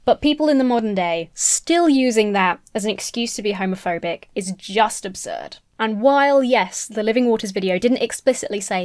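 A woman's voice: a little high, lively intonation, normal speed, no room sound, studio quality. A young woman from the UK giving blunt, sarcastic commentary to her viewers, swearing and laughing often. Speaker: video commentator. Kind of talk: casual commentary to camera.

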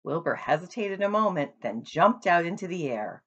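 A woman reading a children's book aloud in an expressive storytelling manner. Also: lowish voice, normal speed, dull audio. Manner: expressive, shows pictures to listeners. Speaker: storybook reader.

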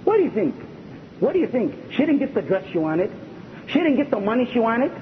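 A high-voiced man preaches with fervor, throwing questions at his listeners. The recording is dull and lo-fi. A faint rumble runs underneath. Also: very animated, brisk. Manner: impassioned, asks the audience rhetorical questions. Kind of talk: sermon lecture.

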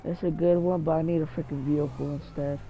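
A young man giving excitable, swear-sprinkled commentary while playing a video game and talking to himself. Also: a little high, fast talker, vocal fry, slight background noise, rough recording. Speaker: gaming channel host. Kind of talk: live gameplay commentary.

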